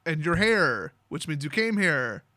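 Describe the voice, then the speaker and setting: A man's voice: on the high side, sing-song, measured pace, sharp tone, no room sound, clean studio sound. A man retelling a story for comedy in a sarcastic, mocking way. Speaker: YouTube storyteller.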